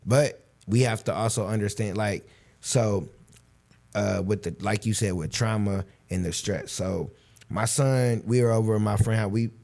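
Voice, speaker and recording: Animated storytelling man in his thirties. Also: on the low side, moderate pace, gravelly. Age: 30s. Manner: animated storytelling, acts out quoted voices. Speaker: podcast host. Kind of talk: casual conversational interview.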